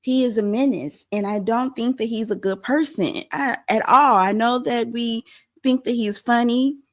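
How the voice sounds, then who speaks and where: A young adult woman hosting a pop-culture commentary show, animated and blunt, acting out quotes as she goes. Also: a little high, normal speed. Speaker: host.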